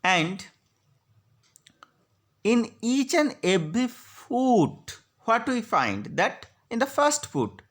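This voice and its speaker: A woman giving a slide lecture on poetry, slowly spelling out syllables and stresses. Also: mid-range voice, big pitch swings. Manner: slow, deliberate, spelling out syllables. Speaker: literature lecturer.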